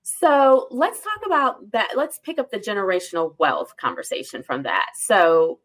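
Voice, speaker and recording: A woman's voice: medium pitch, sing-song, moderate pace. A woman co-hosting an interview, chatty and engaged, reacting readily and steering the conversation. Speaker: co-host, interviewer. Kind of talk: casual interview chat.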